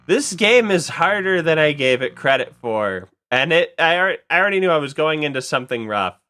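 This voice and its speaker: A man's voice: a little high, very animated, fairly quick, sharp tone. A man giving casual let's play commentary, rambling and correcting himself mid-sentence with chatty asides.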